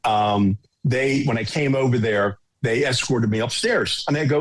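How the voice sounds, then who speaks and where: A middle-aged man tells stories from his years in home shopping with a husky edge to his voice. He speaks in a casual, animated way, slipping into quoted dialogue. His pitch sits in an ordinary middle range. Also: normal speed, hardly any pauses. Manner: animated anecdote teller, quotes others. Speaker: guest, home shopping executive. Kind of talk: casual storytelling.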